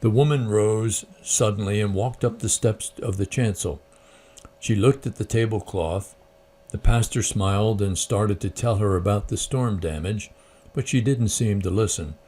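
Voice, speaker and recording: A man's voice: fairly low pitch, a little slow, dark tone, a little hiss or hum. A man who hosts a Christian channel, reading a story aloud and then reflecting on it, often hesitant with fillers. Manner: hesitant with fillers when speaking freely.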